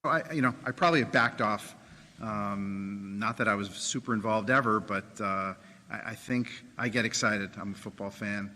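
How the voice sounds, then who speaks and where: Man, team owner, press conference, hesitant, defensive, bright tone, roomy reverb. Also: lowish voice, moderate pace. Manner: hesitant, filler-heavy, defensive.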